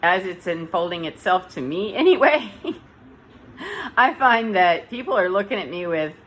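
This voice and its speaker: A woman's voice: lowish voice, animated, normal speed, a bit bright, low-quality recording. Woman, casual vlog monologue, self-correcting, faint room hum. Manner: rambling, self-correcting, chatty. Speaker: vlogger. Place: dim room.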